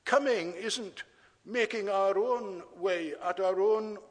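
A man preaching a sermon in a measured, deliberate way, repeating key words for emphasis. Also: high-pitched, in a large hall.

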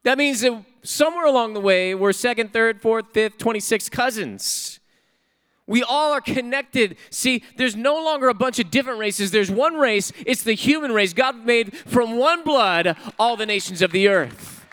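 A man's voice: very high voice, animated, moderate pace, a bit bright, smooth. A male pastor preaching a sermon in a church, emphatic, repeating key phrases and putting questions to the congregation. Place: church sanctuary.

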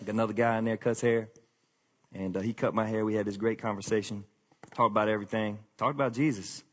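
A man preaching a conversational sermon to his congregation, candid and self-deprecating, often sinking into a quiet, confessional tone. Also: fairly low pitch, steady tone, quick pace. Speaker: pastor.

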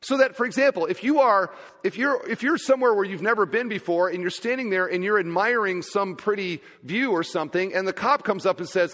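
A man preaching a sermon as pastor, emphatic and swinging between loud and quiet. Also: sits high, fairly quick, few pauses, in a large hall.

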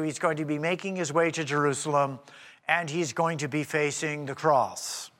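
A man's voice: high-pitched, sharp tone. A man preaching an expository sermon in a church sanctuary, explaining in a conversational way with rhetorical asides. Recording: long hall reverb.

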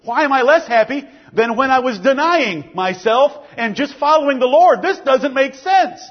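Man playing a despairing young prodigal, higher and pleading, husky edge. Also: animated, normal speed, big-room sound, highs cut off. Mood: anguished. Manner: anguished, pleading self-questioning.

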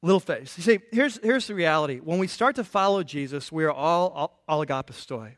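A man preaching a sermon as a pastor, animated and playful, acting out the voices in the stories he tells. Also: a little high, fairly quick. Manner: animated, playful, acts out quotes.

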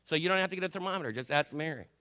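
Male pastor from New Jersey, chatty sermon delivery, bright voice, echoing hall. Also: on the high side, racing. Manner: conversational preaching with asides and rhetorical questions. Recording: long hall reverb.

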